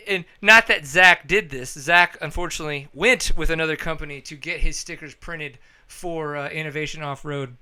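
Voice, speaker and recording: A male podcast host with a very bright, clean voice, talking casually and joking with his guests. He swings between easy chat and loud, excited bursts. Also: clear, resonant tone. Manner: upbeat, joking, bursts of high energy.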